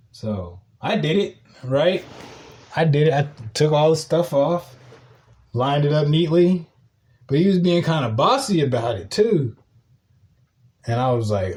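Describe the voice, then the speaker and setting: A man hosting a podcast, telling a casual story in a profane, animated way and breaking into loud shouting. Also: medium pitch, moderate pace. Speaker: podcast host.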